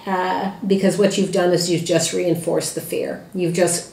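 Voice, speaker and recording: A woman's voice: lowish voice, flat delivery, measured pace, gravelly, echoey room. A woman who trains dogs, giving plainspoken advice to puppy owners with frequent "uh" fillers and restarts. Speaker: dog trainer and breeder. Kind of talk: informal talk to puppy owners.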